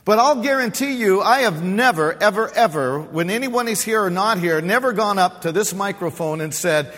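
High-voiced male pastor preaching in a hall. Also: animated, normal speed, a bit bright. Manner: expository preaching with rhetorical questions to the congregation. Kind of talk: sermon. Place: church sanctuary. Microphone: pulpit microphone.

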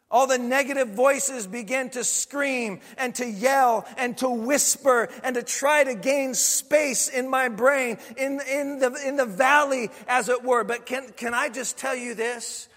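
A man with a high, ringing voice delivers a sermon, driving his points home through insistent repetition. His voice carries a long reverb, as if in a big church hall. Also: a bit bright. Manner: preaching with swelling intensity, emphatic repetition. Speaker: pastor.

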